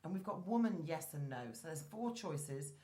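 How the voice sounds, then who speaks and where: A woman's voice: deep voice, lively intonation, moderate pace, dark tone. A woman hosting a chat show, chatting casually and reading news stories aloud, stumbling over names. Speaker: host. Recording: roomy echoey room.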